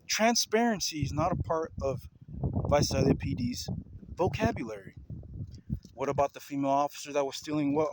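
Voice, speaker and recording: In a video commentary, a vlogger with a fairly high male voice rants heatedly at his viewers, repeating himself and confronting them with questions. Background noise can be heard.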